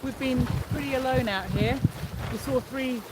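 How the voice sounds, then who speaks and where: A woman's voice: high-pitched, normal speed. A woman co-hosting a live stream from a sailboat, reading out comments in a chatty, teasing way. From New Zealand. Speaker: co-host reading viewer comments. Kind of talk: casual live-stream chat. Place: on a sailboat at sea, outdoors. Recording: wind and water noise on deck.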